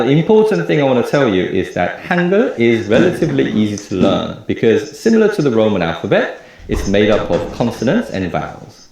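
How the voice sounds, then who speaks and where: Gravelly-voiced man teaching in an echoey room. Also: fairly low pitch. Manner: measured, explanatory. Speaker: language teacher. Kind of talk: scripted lecture.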